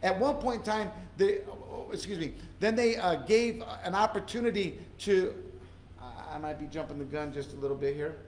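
A man's voice: sits high, moderate pace, roomy sound, a little hiss or hum, rough recording. A male pastor giving a conversational, earnest sermon in a church, repeating phrases for emphasis. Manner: earnest conversational preaching with repetitions.

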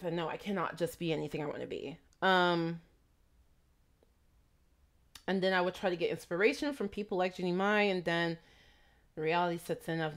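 A woman talking casually and reflectively in a vlog, with a slight trace of a foreign accent, rambling through asides and questions. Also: lowish voice. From immigrant raised in Texas. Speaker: vlogger.

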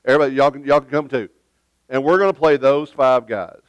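A man's voice: mid-range voice, fast talker, clear, resonant tone, no room sound. A man preaching a sermon as pastor in a church, emphatic and conversational, with joking asides. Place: church sanctuary.

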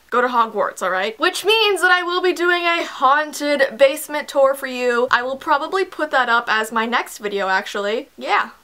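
A woman's voice: sits high, pushed and bright. A young woman from Canada telling a chatty, dramatic story time to camera at home. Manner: chatty, dramatic, playful asides. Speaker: vlogger. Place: home, indoors.

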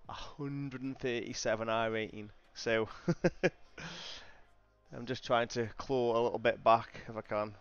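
A man's voice: medium pitch, clear, resonant tone, no echo, muffled recording. Laid-back man streaming sim racing. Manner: chatty and laid-back, says "mate" a lot. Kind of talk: casual live-stream chat. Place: home sim racing rig.

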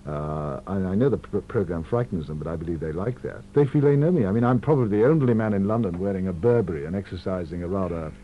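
A man in his forties, an actor, talking expansively in a radio interview, full of animated anecdotes. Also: sits low, quick pace, few pauses. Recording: muffled 1970s radio archive with hum.

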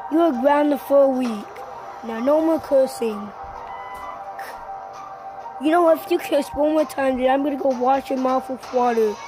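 Stern scolding father, woman voicing, high and slow, homemade comedy skit. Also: music in the background. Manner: stern, scolding, repeats orders. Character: strict churchgoing father scolding his cussing son.

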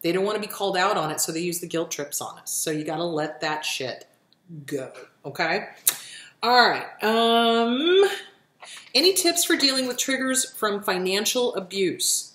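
A woman's voice: mid-range voice, lively intonation, normal speed, fairly bright tone, echoey room. A woman hosting a question-and-answer show, answering viewer questions with blunt, profane, emphatic advice. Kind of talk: casual advice talk.

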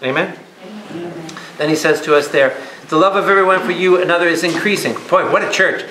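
A man, a priest leading a Bible study, teaching in a lively way, asking the audience questions and acting out the people he quotes. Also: on the high side, fairly quick. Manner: animated, asks the audience questions, plays out quoted voices. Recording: echoey hall with live audience. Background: audience murmurs and responses.

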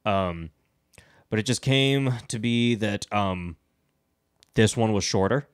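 A man hosting a casual podcast chat, excitable, laughing and swearing freely as he rants. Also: lowish voice, slow, smooth. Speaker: podcast host.

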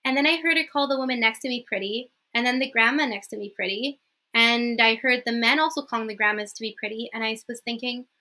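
Bright, chatty young woman teacher. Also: on the high side, fast. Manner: chatty, often checks in with "okay?". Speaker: language teacher. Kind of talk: casual vlog lesson.

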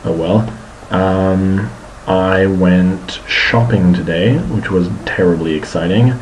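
Young male student vlogger, low-pitched, chatty and meandering, recorded at home with light background hiss. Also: steady tone, slow, low-quality recording. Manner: rambling, many ums and restarts. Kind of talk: casual video diary.

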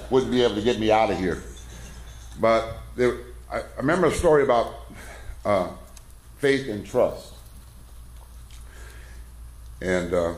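A middle-aged man talks in a loose, folksy, self-deprecating way, wandering off into stories. His voice sits at an ordinary pitch. The sound carries the echo of a large church hall. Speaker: football coach speaking at a men's conference. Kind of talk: casual talk with a story. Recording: echoey room.

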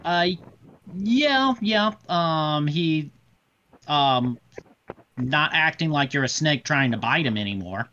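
A man narrating a tabletop role-playing game as game master, pausing often with fillers. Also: a little high, expressive, bright, forceful tone, muffled recording. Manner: halting, with many fillers.

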